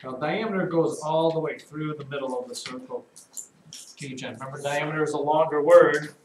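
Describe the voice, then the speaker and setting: A male math teacher leading a classroom lesson, slowly repeating key terms and calling on pupils by name. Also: a little high. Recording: echoey classroom from far off with noise.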